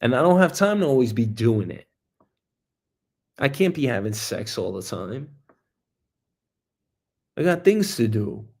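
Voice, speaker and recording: A man in his thirties hosts his own show in a loose, rambling monologue. His voice sits in a middle pitch with a gravelly, fry-heavy edge. He jokes, swears, and breaks into sudden loud bursts. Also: big pitch swings, measured pace, pauses often. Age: 30s. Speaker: host. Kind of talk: casual solo monologue.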